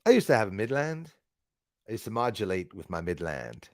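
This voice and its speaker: A man's voice: fairly low pitch, very animated, a little fast, dry recording, clean studio sound. Chatty male livestream host. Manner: chatty, swears casually, greets viewers by name. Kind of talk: casual live stream chat.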